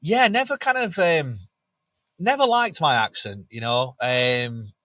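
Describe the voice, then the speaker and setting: A man with a Northern English accent and a slightly nasal voice, telling lively anecdotes as a podcast guest, often laughing and restarting. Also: a little high, a little slow. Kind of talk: candid storytelling in an interview.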